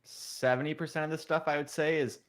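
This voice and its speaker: A man chatting on a gaming podcast in a relaxed, self-deprecating way. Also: on the high side, a little fast. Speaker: podcast guest. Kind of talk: casual chat.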